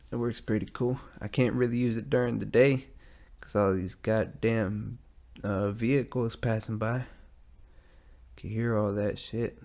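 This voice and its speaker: A man's voice: mid-range voice, a little mellow. A man with an American accent hosting a casual solo podcast, rambling and profane, recording at night in a metal garage. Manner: profane, rambling, self-deprecating. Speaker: podcast host. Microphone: studio mic with headphones.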